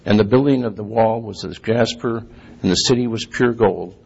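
A man giving a sermon, reading scripture slowly and clearing his throat often. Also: on the low side, darkish tone. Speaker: lay preacher. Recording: dull lo-fi recording.

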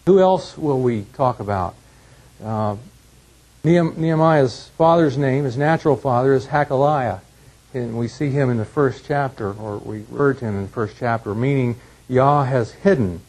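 Husky man teaching a Bible class. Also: mid-range voice, a little mellow, low-quality recording. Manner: measured, frequent restarts and fillers.

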